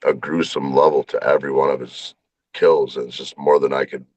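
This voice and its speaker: A man guesting on a podcast in casual chat, with a very deep voice and a laid-back, low-key way of talking. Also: flat delivery, a little fast, a little mellow, breathy edge, no echo, highs cut off. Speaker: guest content creator.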